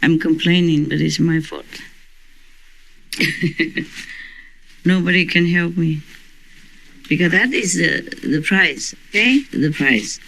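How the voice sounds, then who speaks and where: Bright-voiced woman teacher, laughing often. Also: fairly low pitch, slow pace, creaky, long pauses, poor audio. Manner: chatty, laughs often between remarks. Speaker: spiritual teacher. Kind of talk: informal spiritual talk to disciples.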